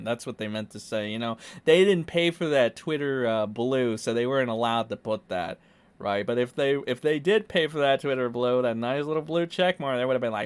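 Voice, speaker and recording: A man's voice: mid-range voice, moderate pace, clean tone. A young man ranting sarcastically as a casual online commentator, swearing freely. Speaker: YouTube commentator.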